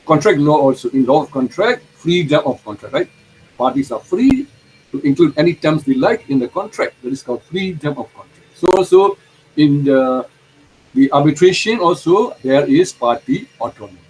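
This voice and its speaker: A man lecturing a university law class, explaining terms slowly, repeating them and putting questions to the students. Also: on the high side, darkish tone, slight background noise, low-quality recording.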